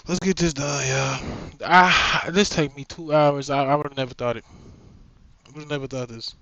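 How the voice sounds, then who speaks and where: A man's voice: a little high, steady tone, moderate pace, bright, forceful tone, no room sound, highs cut off. A man vlogging while he sews, rambling and cursing to himself in a casual, muttered way. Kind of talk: casual self-talk while sewing.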